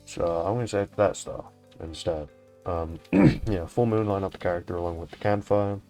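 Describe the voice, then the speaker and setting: A man's voice: deep voice, normal speed, gravelly, mellow, soft background music. A young man hosting a fan art showcase in casual, rambling commentary, swearing now and then. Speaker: showcase host.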